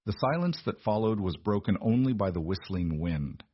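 A man narrating an audiobook in an even, measured storytelling manner. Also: fairly low pitch, slightly rough, no echo, lo-fi sound.

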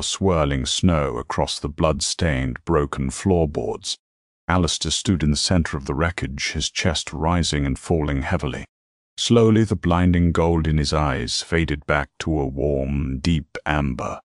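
Deep-voiced male story narrator. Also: no room sound, clean studio sound. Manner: dramatic, measured storytelling. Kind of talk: scripted narration.

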